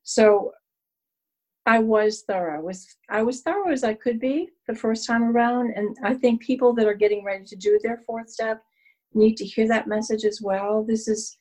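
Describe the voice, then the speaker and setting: Husky woman sharing candidly. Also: mid-range voice, rough recording. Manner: candid, self-deprecating, animated storytelling. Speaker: recovery meeting speaker. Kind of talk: personal sharing at a support meeting.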